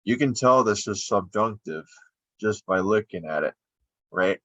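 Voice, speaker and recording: Casting: man, lowish voice, slow and patient, screen-recorded lesson, dull dry lo-fi sound. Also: animated, fairly bright tone, no room sound. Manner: unhurried, explaining while drawing on screen. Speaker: Spanish teacher.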